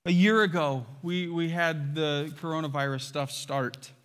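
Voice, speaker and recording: A man preaching a sermon as pastor, animated and acting out quotes with loud outbursts. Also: a little high, measured pace, clean tone. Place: church sanctuary. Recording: long hall reverb.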